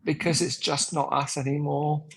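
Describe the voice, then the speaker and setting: A man's voice: on the high side, flat delivery, moderate pace, vocal fry, a bit bright, breathy edge. A man co-hosting a live stream in casual chat, easygoing and teasing.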